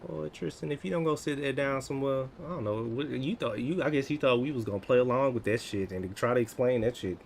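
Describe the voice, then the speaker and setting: An American man in his thirties, chatting casually on a livestream, answering viewers in an animated, teasing way. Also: mid-range voice, fast talker, creaky, few pauses, a little hiss or hum. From United States. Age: 30s. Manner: animated, teasing, laughs often.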